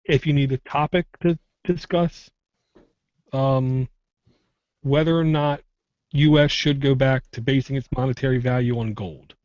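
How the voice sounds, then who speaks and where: A man's voice: medium pitch, steady tone, a little slow, darkish tone, no room sound. A man co-hosting a podcast in casual pre-show banter, joking and teasing, with a sore throat. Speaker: podcast co-host. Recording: dull lo-fi podcast audio.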